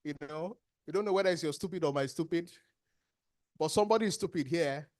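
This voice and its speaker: A Nigerian-accented trainer with a mid-range voice talks fast, running an interactive workshop and quizzing the room. She is animated, tossing questions to the audience in a training hall and answering them herself. The recording is dry and clean, with studio sound.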